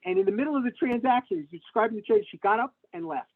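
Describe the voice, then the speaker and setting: A middle-aged man telling stories in an interview, animated and full of fillers and restarts, speaking over a video call. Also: very high voice, racing. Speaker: tax lawyer, interview guest. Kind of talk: conversational interview answers. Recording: tinny phone-like webinar audio.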